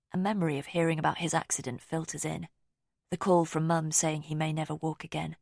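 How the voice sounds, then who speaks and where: A woman reading a thriller audiobook in calm, measured first-person narration. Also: low-pitched, gravelly, no echo, studio quality.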